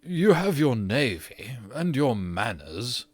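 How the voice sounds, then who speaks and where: A man voicing a petulant, haughty aristocratic ghost of an English nobleman in an audiobook reading, often drawing his words out slowly. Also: mid-range voice, very animated, breathy edge, no room sound, heavily acted.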